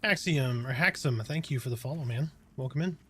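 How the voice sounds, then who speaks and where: A man with a medium-pitched, fairly quick voice and a breathy edge streams a game, chatting casually with his viewers. He stays relaxed and chatty, reading and answering their questions while keeping his focus on the game.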